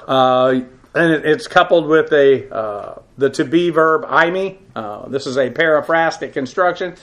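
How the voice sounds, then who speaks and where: A man's voice: on the high side, expressive, measured pace, fairly bright tone. A middle-aged man giving a teaching sermon on scripture, explaining Greek grammar with frequent filler "uh"s. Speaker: Bible teacher.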